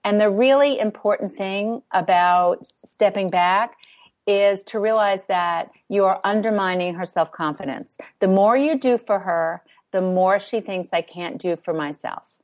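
An older woman answers interview questions about parenting in a calm, measured way. She pauses and uses fillers as she thinks through her points. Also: medium pitch. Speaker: guest expert on parenting. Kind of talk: conversational interview.

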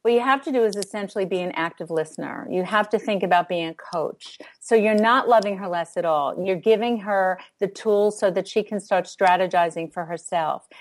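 An older woman speaking as a guest expert in a conversational interview, thoughtful and measured, pausing with fillers as she explains. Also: lowish voice.

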